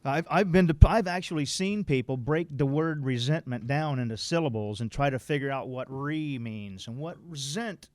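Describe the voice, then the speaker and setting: A man's voice: mid-range voice, fairly quick, hardly any pauses, no echo. A man leading a recovery workshop, reading from a text and explaining it in blunt, folksy, mildly profane everyday language. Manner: quotes text then explains it plainly. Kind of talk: informal workshop talk.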